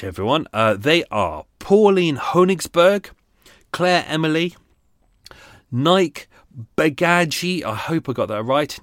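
A man's podcast comes from a small room in his boat home, where he rambles casually to listeners and mocks himself along the way. His voice is a little high and fairly bright, and the sound is clean studio quality with no echo.

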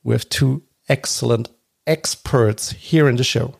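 With a German accent, a podcast host introduces guests in a medium-pitched, creaky, slightly rough voice that runs a little slow. He's chatty and laughs a lot, restarting his sentences frequently.

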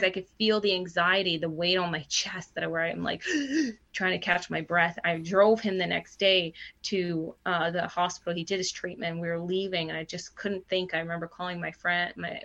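A woman in her thirties shares a personal story as a podcast guest, candid and halting, often restarting her sentences. Her voice has a gravelly creak, and the recording sounds a little dull. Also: on the low side, little pitch movement, bright, forceful tone. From Canada. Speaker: guest, TV news host.

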